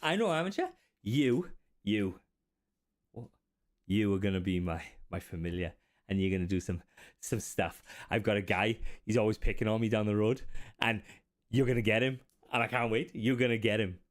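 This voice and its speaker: A man voicing an excitable young apprentice wizard who is boastful and shrill. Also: moderate pace, close to an everyday voice. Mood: giddy.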